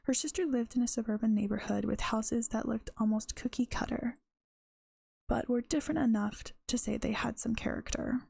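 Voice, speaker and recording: Tired gravelly woman reading her story. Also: on the high side, fairly even intonation, normal speed, darkish tone, no echo. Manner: unpolished reading with self-corrections. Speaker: streamer and writer. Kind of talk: reading her own story aloud on a live stream.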